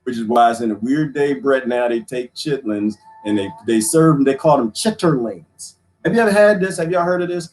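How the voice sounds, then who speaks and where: A man's voice: mid-range voice, a little fast, few pauses. A man hosting a live stream, telling crude, funny stories in casual chat with his viewers and laughing often. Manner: animated storytelling, crude joking, laughs often.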